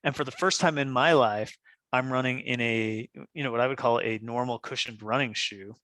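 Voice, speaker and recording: Podcast guest: man, mid-pitched, animated storyteller, dry close sound. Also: normal speed, dry recording. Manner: animated, laughs often, acts out quoted dialogue. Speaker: podcast guest, running shoe designer. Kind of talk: casual storytelling.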